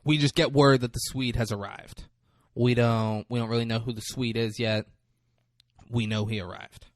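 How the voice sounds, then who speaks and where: A man co-hosting a podcast, chatting casually and excitably about a film, swearing freely. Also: mid-range voice, moderate pace, no room sound, studio quality. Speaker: podcast co-host. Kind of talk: casual chat.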